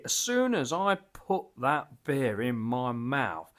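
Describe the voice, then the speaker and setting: A man's voice: mid-range voice, sing-song, moderate pace. A man casually reviewing a beer as he tastes it, enthusiastic and rambling, with lots of fillers and restarts.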